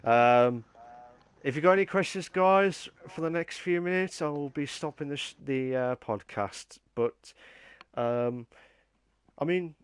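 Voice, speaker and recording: A man's voice: fairly high pitch, measured pace, clean tone, no room sound. A man hosting a casual live-streamed podcast, rambling with many fillers and reading out viewer comments. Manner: rambling, lots of fillers and restarts. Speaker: podcast host.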